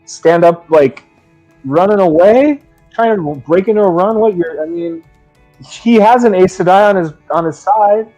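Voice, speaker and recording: A man's voice: high-pitched, a little slow, dark tone, soft background music. A man co-hosting a casual book podcast, musing over the plot in a hesitant way full of restarts. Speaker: podcast co-host.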